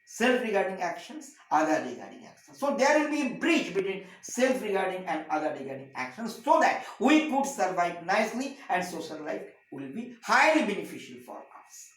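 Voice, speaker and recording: A man's voice: big pitch swings, normal speed, few pauses, echoey room, poor audio. Emphatic man lecturing. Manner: emphatic, repetitive lists, swings of pitch and loudness. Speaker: teacher. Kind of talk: classroom lecture.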